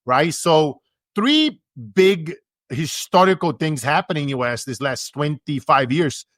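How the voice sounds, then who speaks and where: A man's voice: fairly high pitch, lively intonation, unhurried, a bit bright, no room sound, clean studio sound. A man from Brazil, hosting a podcast interview in an affirming, reflective way. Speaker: podcast host. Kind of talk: conversational interview.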